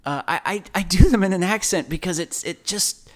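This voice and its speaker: A man's voice: high-pitched, fairly quick. A man co-hosting a podcast, talking casually and rambling through many restarts and fillers. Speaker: podcast co-host.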